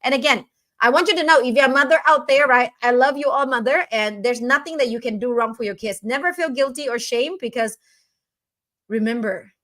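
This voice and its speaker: A woman hosting a live online coaching session, talking energetically and often checking in with "right?". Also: fairly high pitch. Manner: energetic, keeps asking "right?". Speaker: host and business owner.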